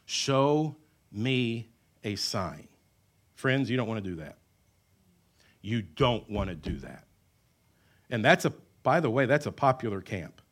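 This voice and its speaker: A man preaching a sermon, who mixes humorous asides with emphatic lines and drops to quiet, stretched-out words. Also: lowish voice, animated. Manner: wide swings between loud emphatic lines and quiet, drawn-out words; conversational asides and self-deprecating humor. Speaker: pastor.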